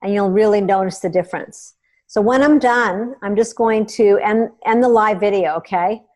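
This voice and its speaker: A woman hosting a meeting, giving a chatty hands-on software tutorial and often checking in with her listeners. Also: mid-range voice, moderate pace. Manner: chatty and instructive, checks in with "okay?". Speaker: meeting host.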